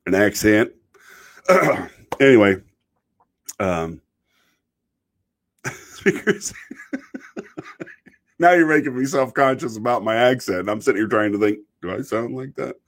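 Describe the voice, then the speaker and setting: A man's voice: on the low side, animated, normal speed. A man from Idaho talking in a casual, rambling way, often stopping and restarting and joking as he hosts a chat. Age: adult, married. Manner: rambling, self-interrupting, joking. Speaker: show host reading chat.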